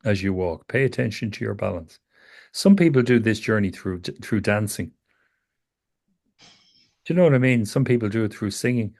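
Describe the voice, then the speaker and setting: A man working as a psychotherapist, talking a client through self-awareness in a calm, questioning way that repeats phrases. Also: fairly low pitch, moderate pace, pauses often. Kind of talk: therapy session conversation.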